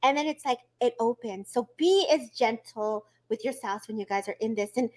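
A woman talking casually and encouragingly about spiritual healing and grief, animated as she speaks. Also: on the high side, normal speed.

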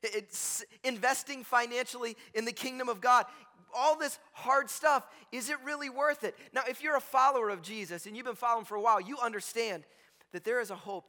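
High, bright-voiced pastor preaching in a hall. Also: male voice. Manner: conversational and joking, constantly checks in with "right?". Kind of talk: sermon. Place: church sanctuary with a congregation. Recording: long reverb from a large hall.

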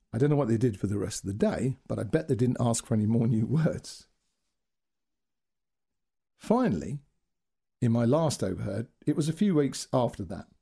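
A man's voice: mid-range voice, creaky, mellow, breathy edge. A man telling a wry, anecdotal story as a storyteller. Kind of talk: storytelling narration.

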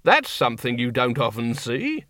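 A man voicing a calm, menacing werewolf. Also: mid-range voice, no echo, clean studio sound. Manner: even, deliberate threats.

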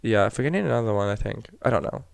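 A man's voice: fairly low pitch, animated, racing, gravelly, no echo. Rambling, teasing man co-host, dry sound. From Florida. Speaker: podcast co-host. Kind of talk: casual chat.

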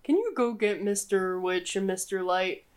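A woman's voice: medium pitch, moderate pace, natural voice. Casting: woman playing a helpful male carnival hand, plain voice close to her own, tabletop game. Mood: cheerful.

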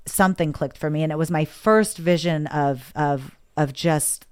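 A woman with a low, smooth and resonant voice tells a personal story in a relaxed conversation. She talks with open emotion and often acts out what she and others said. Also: moderate pace. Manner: emotional, candid, quotes herself and others.

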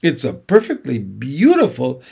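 A man's voice: medium pitch, huge pitch swings, measured pace, gravelly, dark tone, breathy edge, exaggerated voice. A man voicing an eager, innocent young male pig who asks earnest, wide-eyed questions.

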